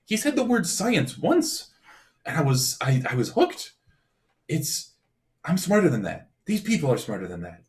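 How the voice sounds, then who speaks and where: A man voicing his character in a tabletop game, animated and quick to argue. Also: on the high side. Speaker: player. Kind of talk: in-character tabletop role-play.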